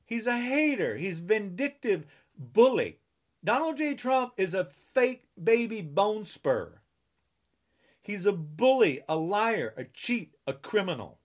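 Speaking slowly in a high-pitched, very animated voice, a New Jersey political commentator unleashes an indignant rant. He's sarcastic throughout, scolds his audience, and keeps repeating mocking refrains.

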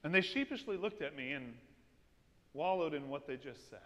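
A man preaching a sermon, telling stories with lively energy and asking his congregation "amen?". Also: a little high, normal speed. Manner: lively storytelling with call-and-response "amen?". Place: church. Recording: long reverb of a church hall.

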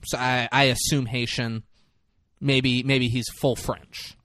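A man's voice: mid-range voice, level tone, takes it slowly, a bit bright, no echo. Young male co-host, rambling profane recap, dry close sound. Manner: rambling, joking, swears often. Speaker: podcast co-host. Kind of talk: casual, profane movie recap.

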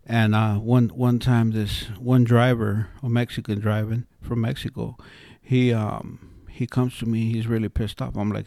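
A man talking casually and earnestly, looping back over his words and restarting his thoughts as he tells a story. His voice sits at an ordinary middle pitch. The sound is dry and close, with no room echo. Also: level tone, moderate pace, dark tone. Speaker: interviewee sharing life philosophy.

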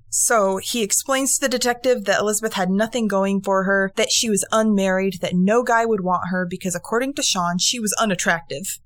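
A woman co-hosting a true crime podcast, retelling a case in a casual, animated way with some swearing. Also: medium pitch, a little fast, few pauses, no room sound. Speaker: podcast co-host.

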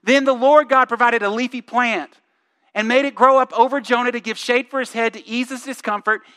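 A man's voice: extremely high pitch, fairly even intonation, a little fast, pushed and bright, clear, resonant tone. A male pastor giving a conversational sermon, reading scripture aloud and asking the congregation questions. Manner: reads scripture aloud with emphasis.

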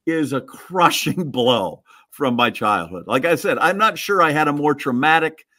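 A middle-aged man from Wisconsin, co-hosting a podcast and telling a childhood story in an animated, mock-indignant, self-mocking way. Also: on the high side, moderate pace. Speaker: podcast co-host. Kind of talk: casual storytelling chat.

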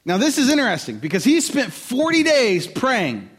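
A man preaching a sermon in a conversational, animated way, with quick asides to the listeners. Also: very high voice, husky. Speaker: pastor.

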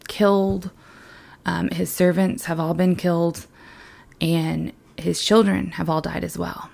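Gravelly-voiced young woman giving a devotional. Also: fairly low pitch. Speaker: children's ministry worker. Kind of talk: devotional talk.

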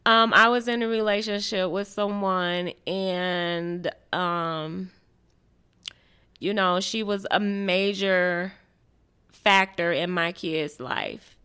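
A woman in her forties, a mother, talking casually on a podcast in a halting way, with many pauses and fillers. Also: fairly low pitch, steady tone, pushed and bright, smooth. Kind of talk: casual conversation.

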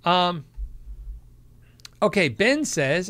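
Middle-aged male host, casual livestream chat, high lively voice, quick to laugh. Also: vocal fry. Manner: animated, laughs often, acts out quotes. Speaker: livestream host answering viewer questions.

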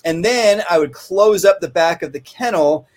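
Guy explaining dog training, kinda high voice, rambly and chatty, keeps saying right. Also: moderate pace. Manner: rambling, conversational, frequent "right?" asides. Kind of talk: casual instructional talk. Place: kennel office.

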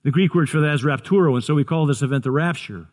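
High-voiced older preacher. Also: male voice, quick pace. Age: 60s. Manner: earnest, stumbling restarts, builds to excited shouts. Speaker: pastor. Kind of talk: sermon.

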